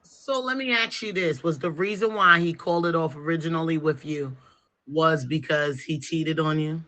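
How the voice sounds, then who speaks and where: A man's voice: on the high side, moderate pace, sharp tone. A man hosting an interview, asking probing and joking questions in casual slang. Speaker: interviewer host.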